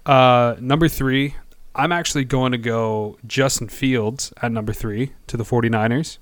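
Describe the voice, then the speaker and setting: A man chatting on a sports podcast, with a middle-pitched voice. He rambles, fills gaps with "uh" and pokes fun at himself. The sound is dry and close. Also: fairly even intonation, dry recording. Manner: rambling, halting, self-deprecating. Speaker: podcast co-host. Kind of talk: casual sports podcast chat.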